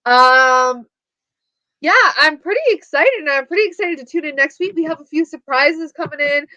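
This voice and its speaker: A woman's voice: sits high, normal speed, sharp tone, dry recording. A woman co-hosting a live wrestling watch-party stream in casual, rambling, giggly chat. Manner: chatty, giggly, rambling with fillers. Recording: dull, dry lo-fi stream audio.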